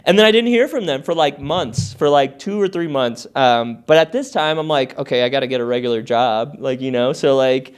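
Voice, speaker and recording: A man in his thirties telling his story as a podcast guest, animated, swearing a lot and filling his talk with "like". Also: medium pitch, a little fast, hardly any pauses, smooth. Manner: many fillers like "like" and "uh". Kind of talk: casual storytelling interview.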